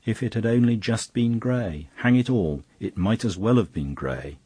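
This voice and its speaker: A man's voice: fairly low pitch, lively intonation, moderate pace, warm tone, slightly rough, dry recording, voice pushed up. A man reading aloud, voicing a mild, thoughtful male priest who reasons soberly. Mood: earnest. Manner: sober and reflective, puzzling things out.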